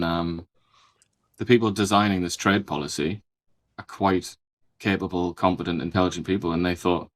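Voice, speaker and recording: Deep-voiced dry, sardonic man. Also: fairly bright tone. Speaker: co-host. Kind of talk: political commentary talk show.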